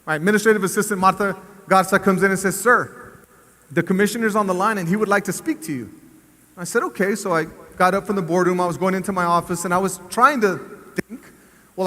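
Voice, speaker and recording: High, bright man in a hall. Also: fast. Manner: animated storyteller, rising to cheering shouts. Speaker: school district superintendent. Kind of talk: motivational speech to staff assembly. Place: large assembly hall. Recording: echoey hall with long reverb.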